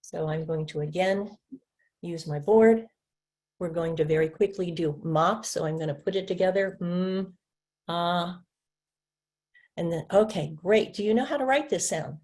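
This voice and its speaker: A woman's voice: fairly low pitch, normal speed, a little mellow. A woman training teachers in a webinar, patiently stretching out and tapping individual speech sounds, sometimes answering as her own student. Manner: plays both teacher and student in demonstrations. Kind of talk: instructional webinar demonstration.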